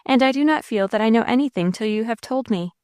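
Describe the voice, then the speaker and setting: A woman's voice: fairly high pitch, lively intonation, quick pace, smooth, dry recording, clean studio sound, close to an everyday voice. A woman narrator voicing a tender, earnest young husband in an audiobook. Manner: gentle, earnest.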